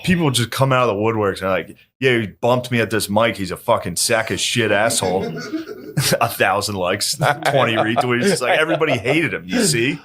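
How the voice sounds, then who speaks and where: A man bantering on a podcast, crude and jokey, with quick back-and-forth. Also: mid-range voice, a bit bright. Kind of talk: casual podcast chat.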